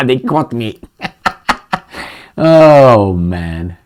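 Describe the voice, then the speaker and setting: A man's voice: medium pitch, animated, a little slow, vocal fry, darkish tone. A man in casual commentary, reading news aloud and joking sarcastically. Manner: sarcastic and joking, laughs often. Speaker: political commentary vlogger.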